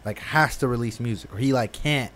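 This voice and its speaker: A man's voice: medium pitch, fairly quick, a bit bright. A young man rambling through a casual conversation, dropping slang and filler words constantly. His voice sits in an ordinary middle range. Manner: slangy, rambling, says "like" and "bro" a lot. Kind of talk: casual chat.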